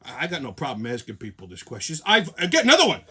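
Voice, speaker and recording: A man's voice: medium pitch, wildly swooping pitch, fast, sharp tone, breathy edge. A man hosting his own show, telling heated, profane stories as a comic rant. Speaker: host.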